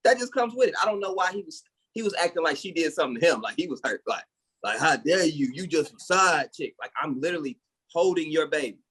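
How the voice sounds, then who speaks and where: A man's voice: fairly high pitch, animated, fast talker, fairly bright tone, breathy edge. Opinionated man ranting on a podcast. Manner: opinionated, ranting, laughs at his own jokes. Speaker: podcast co-host. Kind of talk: casual podcast chat.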